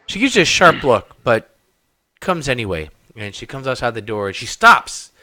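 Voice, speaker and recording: A man's voice: medium pitch, sing-song, moderate pace, bright, forceful tone, no echo. A man narrating a tabletop game as game master, describing scenes with many ums and uhs.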